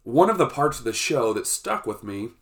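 Gravelly-voiced podcast host, congested. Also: male voice, mid-range voice, big pitch swings, normal speed. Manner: chatty, laughs often, lots of "right?". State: congested, recovering from a cold. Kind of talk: casual solo podcast talk.

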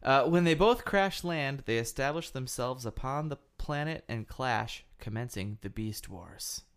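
A man's voice: mid-range voice, lively intonation, unhurried, smooth. Man, podcast co-host, casual chat, jokey, laughs easily.

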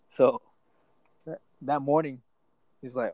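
A man's voice: mid-range voice, normal speed, darkish tone, no echo, low-quality recording. A young man casually telling a school story among friends, full of slang and swearing. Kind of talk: casual chat.

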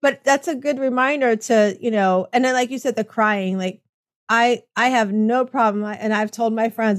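A woman's voice: fairly high pitch, normal speed, dry recording, clean studio sound. A middle-aged woman hosting a casual chat, rambling and acting out remembered conversations. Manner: chatty, rambling, acts out quoted exchanges. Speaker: host.

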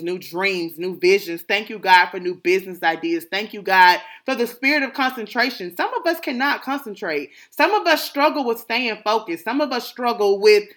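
Bright-voiced woman, emphatic. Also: medium pitch. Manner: emphatic, repeating gratitude phrases like a prayer. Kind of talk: personal reflective monologue.

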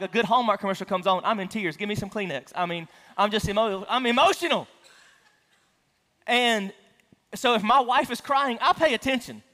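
A pastor with a high-pitched, sharp-toned voice preaches a conversational sermon in a church sanctuary. He tells his congregation a personal story in a casual, self-deprecating way, and the hall gives a long reverb.

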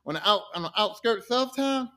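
A man's voice: high-pitched, animated, moderate pace, bright, forceful tone. A man hosting a podcast, retelling a series plot as comedy in profane slang and acting out the characters. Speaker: podcast host. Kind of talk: comic plot recap.

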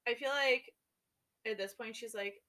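Woman co-host, bright voice pitched a touch high, opinionated and exasperated, casual chat. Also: unhurried. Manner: opinionated and exasperated, scolding the characters. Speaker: book discussion co-host.

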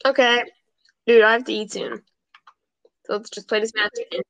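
A woman hosting a podcast while playing a video game, chattering excitedly and repeating words in quick bursts. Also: a little high, a little hiss or hum, poor audio. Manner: repeats words rapidly, squeals when excited. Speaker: podcast host and gamer.

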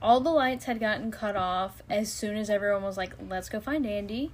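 A woman's voice: mid-range voice, moderate pace. A woman chatting casually about a movie she just watched. Her delivery is loose and talkative, full of fillers and easy laughter. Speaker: co-host reviewing a movie. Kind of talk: casual chat.

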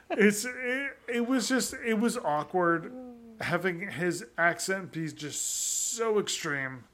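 Man with a high voice for a casual podcast co-host: laid-back, slow, laughs a lot, swears freely. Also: animated, a bit bright. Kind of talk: casual chat.

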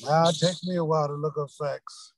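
A middle-aged man joining a family podcast as the father, talking slowly and reacting with drawn-out exclamations. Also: fairly high pitch, fairly even intonation. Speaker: father and guest. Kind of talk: casual family chat.

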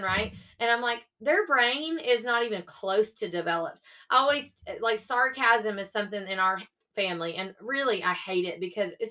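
A woman's voice: a little high, sharp tone. A young woman hosting a faith-based motivational podcast, upbeat and coaxing, often checking in with her listeners. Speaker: podcast host.

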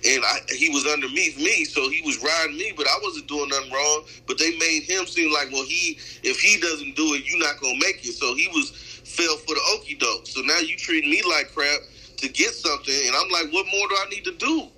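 Husky bright-toned man, Bay Area accent. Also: a little high, normal speed, low-quality recording. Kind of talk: casual chat.

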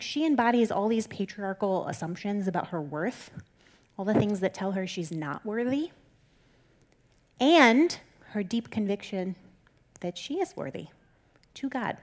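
A woman's voice: mid-range voice, a little mellow. A woman giving a casual Bible teaching in a candid, conversational way. She reassures and encourages her listeners and often says "like". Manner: conversational and candid, with frequent "like" fillers.

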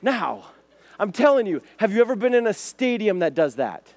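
A man giving a casual sermon to a group, chatty and lively, often checking in with "right?" and "okay?". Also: high-pitched, moderate pace, a little hiss or hum. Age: adult, has a son. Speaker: youth pastor.

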